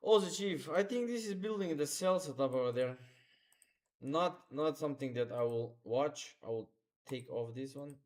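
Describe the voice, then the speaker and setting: A man's voice: on the high side, normal speed, a little mellow. Man talking through charts live. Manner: instructive, repeats phrases, non-native grammar. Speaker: trading streamer. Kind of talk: live market commentary.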